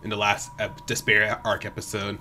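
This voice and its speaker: A man hosting an anime reaction video at home, talking casually and excitably, often restarting his sentences. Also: on the low side, normal speed. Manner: excitable, rambling, frequent restarts and exclamations. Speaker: reaction channel host. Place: home room.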